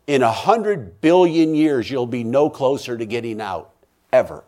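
A man who is a minister, telling a personal testimony in a voice of ordinary pitch for a man. He talks with raw intensity, repeating phrases and swinging between loud pleading and hushed, low confession. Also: animated, a little slow. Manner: repeats and restarts phrases for emphasis. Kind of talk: emotional testimony storytelling.

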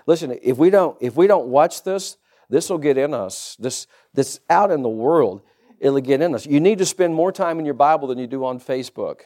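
A male pastor preaching a sermon, reading scripture aloud and rising into loud, fervent preaching. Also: medium pitch.

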